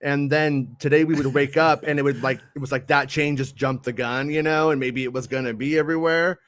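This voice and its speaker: A man's voice: a little high, steady tone, a little fast, fairly bright tone, no echo, studio quality. A man hosting a casual chat show, rambling and joking with many fillers and restarts. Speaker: podcast host.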